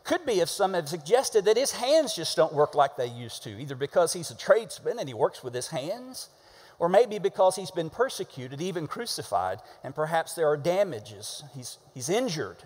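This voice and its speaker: Animated preacher in a reverberant hall. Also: male voice, fairly high pitch, normal speed, husky. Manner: animated, with sudden shouted emphasis and call-and-response. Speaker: pastor. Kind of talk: sermon.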